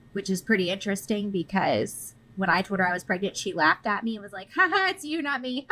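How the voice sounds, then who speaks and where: A woman's voice: medium pitch, sharp tone, slight background noise, low-quality recording. A woman co-hosting a casual podcast, telling a cheeky, flirty story. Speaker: podcast co-host. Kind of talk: casual chat.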